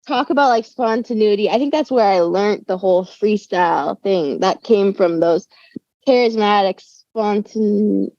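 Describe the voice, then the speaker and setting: A woman's voice: mid-range voice, a little mellow, no echo. A young woman, a musician guest, talking in a laid-back, slangy way in a casual interview, throwing in "dude" and "bro". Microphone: remote call. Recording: dull, dry lo-fi call audio.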